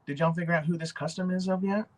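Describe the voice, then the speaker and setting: A man hosting a casual livestream, talking in an excitable, rambling way and swearing freely. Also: sits high, quick pace. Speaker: livestream host showing custom figures.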